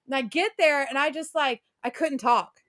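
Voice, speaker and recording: A young adult woman co-hosting a podcast, telling a story in an animated, excitable way and laughing often. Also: high-pitched, moderate pace, dry recording, clean studio sound. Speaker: co-host. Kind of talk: casual storytelling chat.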